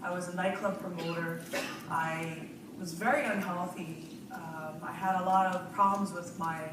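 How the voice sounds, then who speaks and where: A woman's voice: on the low side, steady tone, moderate pace. A woman giving a nervous, rambling personal testimonial to a live audience, often laughing and restarting her sentences. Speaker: speaker sharing a personal testimonial. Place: large room before a live audience. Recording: echoey hall, distant mic, audience noise.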